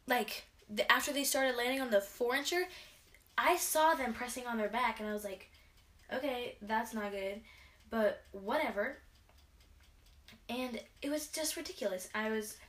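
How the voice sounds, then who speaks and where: A teenage girl, a vlogger and gymnast, rants casually into her camera from her bedroom in a slightly high, fairly bright voice. Exasperated and rambling, she sighs often and keeps restarting her sentences.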